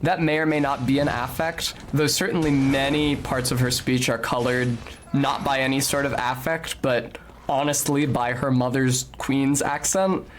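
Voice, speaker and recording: A man's voice: medium pitch, fairly even intonation, normal speed, a little hiss or hum. A man streaming a video game, chatting casually with precise, articulate diction and sudden bursts of swearing at the game. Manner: talks of sounding like a snob. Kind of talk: casual gameplay commentary.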